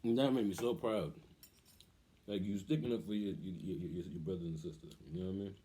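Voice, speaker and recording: A middle-aged man and father telling family stories in a casual, animated way, acting out the voices he quotes and laughing often. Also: low-pitched, fairly quick, a little hiss or hum. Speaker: vlogger, father. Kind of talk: casual storytelling.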